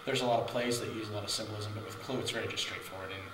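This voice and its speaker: A teenage boy in an interview, talking thoughtfully about acting, pausing and restarting. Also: on the low side, steady tone, echoey room, far from the mic, background noise. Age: teens. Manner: thoughtful, hesitant, with sighs and restarts. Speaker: high school drama student.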